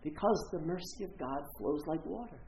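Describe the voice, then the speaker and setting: A man's voice: on the high side, animated, moderate pace, darkish tone, slight background noise. A man preaching a sermon as a pastor, telling a story and acting out the voices of the people in it. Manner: storytelling with acted-out quotes. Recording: roomy, slightly dull church recording.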